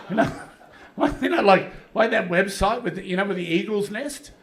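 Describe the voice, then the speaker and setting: A man's voice: sits high, unhurried, pauses often, fairly bright tone. A man in his fifties with an Australian accent doing live stand-up, rambling, crude and self-mocking, with lots of fillers and restarts. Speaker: stand-up comedian. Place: comedy club stage, audience laughing.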